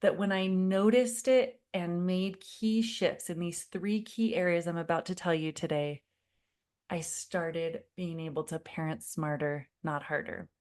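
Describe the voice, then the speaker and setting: A woman in her thirties leading a live online parenting workshop, telling a personal story in a warm, confiding way and calling viewers "friend". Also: on the low side, steady tone, measured pace. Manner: acts out her own past pleading in quoted lines.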